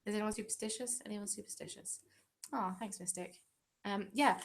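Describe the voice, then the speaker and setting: An English woman who runs a craft channel chats casually on a home live stream, responding to viewer comments with self-deprecating humour. Her voice is medium in pitch and she speaks at a normal speed.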